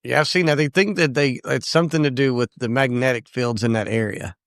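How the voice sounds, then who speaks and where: A man's voice: medium pitch, a bit bright, dry recording, studio quality. A man co-hosting a podcast in casual chat, telling stories and playfully taking offense. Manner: chatty, quick to take offense in jest. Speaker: podcast co-host.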